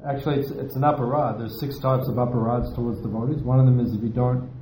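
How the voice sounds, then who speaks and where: A man's voice: mid-range voice, fairly even intonation, fast talker, dark tone, a little hiss or hum. Man, temple teacher, devotional lecture, earnest, self-deprecating, repetitive emphasis, echoey hall.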